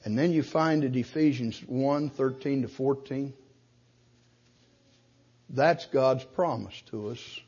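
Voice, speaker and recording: A man preaching a sermon, slowing down and rising in force when he quotes scripture. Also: medium pitch, darkish tone, husky, dull audio. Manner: emphatic preaching, slows and rises to quote scripture.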